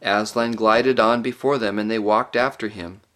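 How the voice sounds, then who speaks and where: A man narrating a storybook audiobook in a measured, expressive reading. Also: lowish voice.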